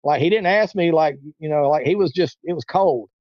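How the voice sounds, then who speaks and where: Speaking a little fast in a slightly high voice, a man recounts a long personal story as a casual interview guest, rambling, repeating himself, and performing the voices of those he quotes. The recording is dry and lo-fi.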